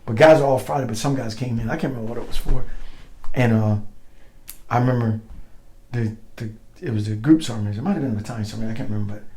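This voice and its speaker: A man's voice: mid-range voice, racing, a little mellow, low-quality recording. A middle-aged man, a former soldier and the guest, telling stories in casual chat. He is profane and slangy and acts out other people's voices. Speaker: guest, former Green Beret.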